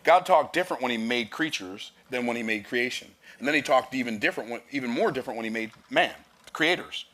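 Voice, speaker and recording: A man's voice: mid-range voice, lively intonation, fast talker, hardly any pauses, fairly bright tone. A man preaching a sermon, reading scripture aloud and explaining it with emphatic, rising declarations.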